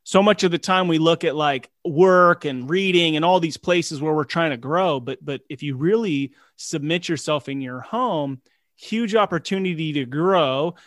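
A man's voice: fairly high pitch, normal speed, a bit bright, dry recording, clean studio sound. A man hosting a podcast conversation, talking in an earnest, encouraging way as he leads the discussion. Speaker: podcast host.

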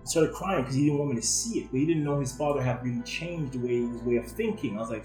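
A man's voice: medium pitch, fast, hardly any pauses, darkish tone, echoey room, faint music behind, poor audio. A man in his thirties talking earnestly and emotionally about fatherhood, with casual slang, in a candid podcast conversation. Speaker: guest.

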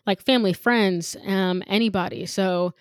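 A woman's voice: medium pitch, normal speed, no echo, studio quality. A woman co-hosting a podcast in casual chat, reflective and thinking aloud. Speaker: podcast co-host.

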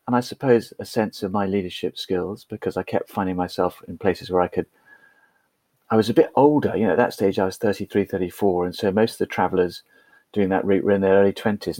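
A man speaks as a podcast guest, spinning a personal tale in a loose, self-deprecating way, stumbling over restarts as he goes. His voice sits low and a little husky. The sound is dry and close to the mic. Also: darkish tone, dry recording. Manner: chatty, self-deprecating, with frequent restarts and laughs. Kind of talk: conversational storytelling.

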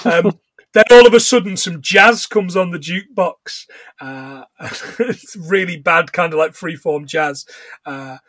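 High-voiced podcast host. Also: male voice, unhurried, fairly bright tone, no room sound. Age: middle-aged. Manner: laughs often, retells scenes with rough put-on voices. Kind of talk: casual chat recapping a film.

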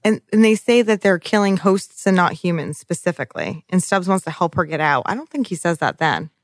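Sarcastic podcast co-host, mid pitch, dry close recording, casual profanity. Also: big pitch swings, dry recording. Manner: sarcastic, profane, quick teasing. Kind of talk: casual recap chat.

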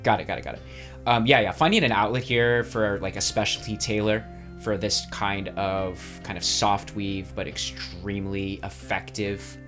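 A man's voice: fairly low pitch, normal speed, faint music behind. A man running a tabletop game as game master, narrating scenes and voicing side characters in an easygoing way. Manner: lively, easygoing.

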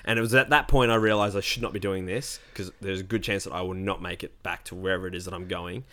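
Male podcast co-host, lowish voice, loose self-deprecating anecdotes. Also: steady tone, fast, fairly bright tone. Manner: rambling, self-mocking storytelling. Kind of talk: casual chat.

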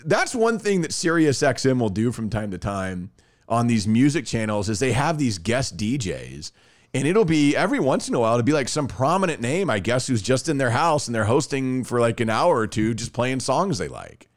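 A man co-hosting a podcast, chatting casually and telling stories with quick asides. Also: mid-range voice. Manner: animated storytelling, fast asides. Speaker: podcast co-host. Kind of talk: casual chat.

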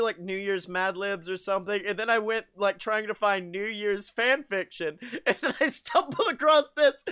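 A man's voice: extremely high pitch, sharp tone. A young man co-hosting a comedy podcast, reading fan fiction aloud and breaking off to laugh and joke. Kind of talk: comedic dramatic reading with put-on voices.

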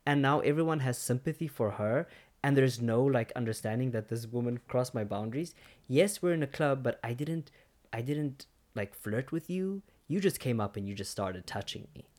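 A man's voice: mid-range voice, normal speed. A man in casual conversation, talking earnestly and reflectively about personal experiences. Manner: earnest, reflective, animated when retelling.

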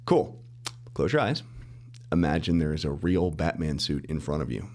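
Low-voiced middle-aged man, animated storytelling guest, plays out dialogue. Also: brisk. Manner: animated storyteller, acts out quoted dialogue, restarts and laughs often. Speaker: mortgage lender and podcast guest. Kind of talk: casual storytelling interview.

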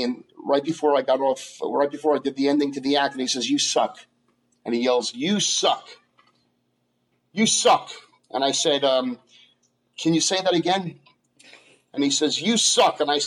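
A man with a husky, slightly breathy voice recounts a club gig in a casual interview. He talks haltingly, with many fillers and restarts, at an ordinary middle pitch. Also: rough recording. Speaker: guest comedian.

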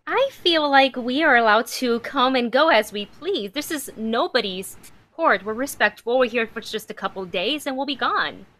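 A woman's voice: a little high, expressive, moderate pace, a bit bright. A woman player speaking in character during a tabletop game, polite but firm.

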